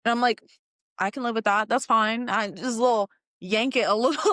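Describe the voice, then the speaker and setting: A young adult woman telling a casual story in an animated way, laughing often and acting out the lines of the people in it. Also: on the high side, brisk, dry recording, clean studio sound. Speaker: guest telling her car story.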